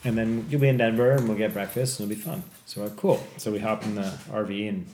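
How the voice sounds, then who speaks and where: A podcast host with a lowish, slightly mellow male voice talks quickly and keeps his intonation fairly even. He rambles loosely through a personal story, swearing freely and erupting when the tension rises. The room is echoey, with a faint hiss underneath.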